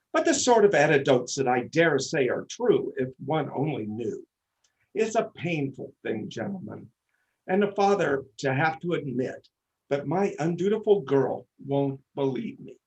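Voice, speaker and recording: A man's voice: mid-range voice, very animated, unhurried, highs cut off. Man playing a fussy pompous father. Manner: pompous, fussing. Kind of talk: stage comic opera acting.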